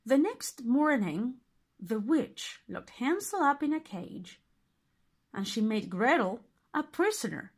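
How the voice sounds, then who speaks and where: A woman reading a fairy tale aloud as narrator, expressive and deliberate. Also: a little high, slightly rough. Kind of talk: storybook reading.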